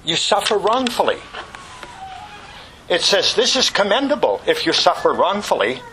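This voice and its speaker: A man preaching a sermon with passion, rising to loud exclamations and dropping to hushed whispers, asking the congregation rhetorical questions. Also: high-pitched, very animated, moderate pace, slight background noise, poor audio.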